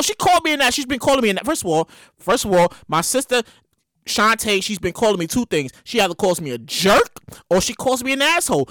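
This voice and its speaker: A woman in her thirties with a New York accent, hosting a comedic podcast monologue from home, animated and excitable, repeating herself and breaking into shouts. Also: high voice, fairly quick, no echo, studio quality. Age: 30s. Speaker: podcast host. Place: home, seated in a chair. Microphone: podcast microphone.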